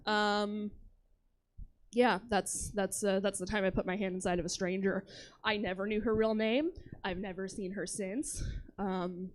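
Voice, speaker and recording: A woman comic closing her stand-up set in a hesitant, deadpan way. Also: medium pitch, a little slow. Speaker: stand-up comedian. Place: comedy club stage.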